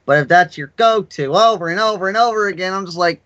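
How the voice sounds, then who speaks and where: A man co-hosting a casual podcast chat, talking in a profane, ranting way that bursts into mock shouts. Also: high voice, fast, few pauses, muffled recording. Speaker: podcast co-host.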